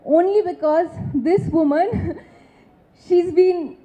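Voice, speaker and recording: A woman's voice: extremely high pitch, slow. A woman from West Bengal, an actress, giving emphatic, effusive thanks at a film launch. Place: film launch event stage. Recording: dull lo-fi sound.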